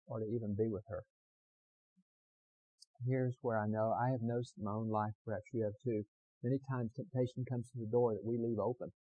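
A man preaching a sermon, moving from calm storytelling to loud, impassioned preaching that repeats phrases for emphasis. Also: fairly low pitch, fairly quick, phone-quality sound. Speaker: pastor.

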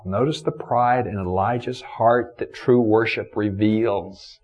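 A man preaching a sermon, repeating phrases for emphasis and moving between soaring exclamations and hushed, low reflection. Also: moderate pace, hardly any pauses. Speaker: pastor.

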